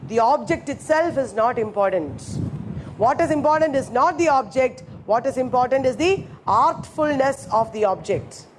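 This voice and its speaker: A woman teaches a class in a high, light voice. She repeats her key phrases slowly and stops to check that students follow. A faint hiss sits under the recording. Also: expressive. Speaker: lecturer. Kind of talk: classroom lecture.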